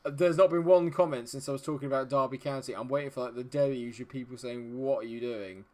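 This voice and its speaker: Chatty male streamer, mid-pitched, talks to his live chat while playing. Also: fast. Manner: chatty, greets viewers, mutters while fiddling with settings. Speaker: live-streaming game player.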